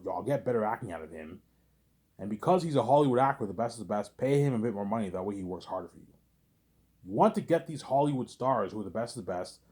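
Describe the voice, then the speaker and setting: Fast-talking man ranting in a monologue. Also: on the low side, a little mellow. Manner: repetitive, profane, keeps reenacting conversations. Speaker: vlogger. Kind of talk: rambling monologue.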